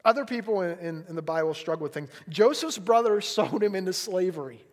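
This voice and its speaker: A man preaching a sermon in a conversational way, asking the audience questions and swinging between loud emphasis and hushed quiet lines. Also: high-pitched, expressive, a little fast. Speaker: pastor.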